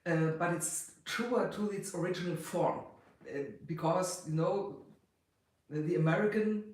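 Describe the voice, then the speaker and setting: A woman's voice: lowish voice, unhurried, a little mellow. A woman with a German accent chats casually with her livestream viewers in English, her second language. She rambles, restarts her thoughts and laughs easily. Her voice rings in a strongly echoing room. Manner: chatty, rambling, laughs often. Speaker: livestream host. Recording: very echoey room.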